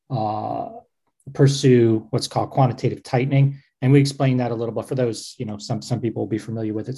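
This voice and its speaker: A man's voice: medium pitch, dark tone, slightly rough, low-quality recording. A man co-hosting a podcast, explaining in casual plain terms with asides and a few restarts. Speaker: podcast co-host.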